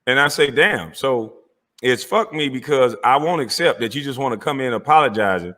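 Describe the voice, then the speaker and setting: A man's voice: medium pitch, normal speed, pushed and bright, big-room sound. A man giving heated commentary on video clips, indignant, mocking and profane.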